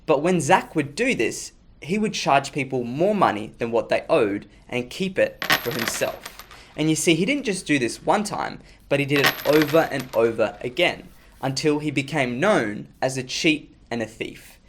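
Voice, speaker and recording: A man's voice: mid-range voice, normal speed. A man presenting a children's ministry lesson, telling a story with energy and talking to the kids. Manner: energetic, talks to the audience.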